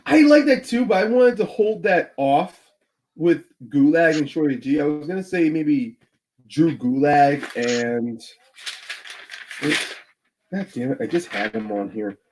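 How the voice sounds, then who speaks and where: High-voiced man in casual chat. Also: lively intonation, measured pace, a little mellow, slight background noise. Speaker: co-host. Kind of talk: casual fantasy-booking chat.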